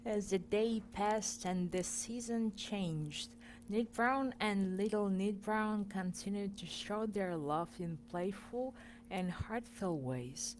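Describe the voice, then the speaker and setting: A woman's voice: mid-range voice, slow, darkish tone, a little hiss or hum. A woman reading a children's story aloud in an informal way, stumbling and correcting herself as she goes. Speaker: reader.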